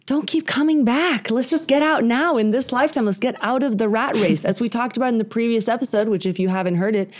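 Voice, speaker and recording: A woman's voice: fairly high pitch, fast, few pauses. A woman co-hosting a casual spiritual podcast, laying out teachings in numbered points. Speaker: podcast co-host.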